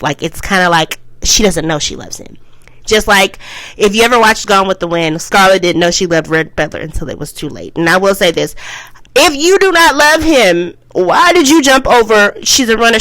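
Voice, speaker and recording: A woman's voice: a bit bright, dry recording, poor audio. A woman reviewing a TV show in a casual vlog. She rambles and goes off topic, and she keeps repeating "I will say this" before she makes a point. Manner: emphatic, swings up high for emphasis.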